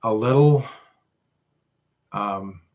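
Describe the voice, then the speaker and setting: A man's voice: fairly low pitch, extremely slow, a little mellow. A man hosting a casual livestream, chatting with viewers in a rambling, self-deprecating way. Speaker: livestream host.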